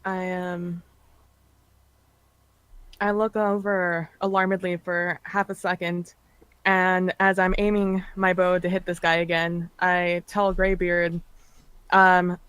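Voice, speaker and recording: A woman's voice: on the low side, level tone, slow, pauses often, fairly bright tone, clean tone, dry recording, poor audio. A woman playing a tabletop game, chatting casually in a hesitant, playful way. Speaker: player.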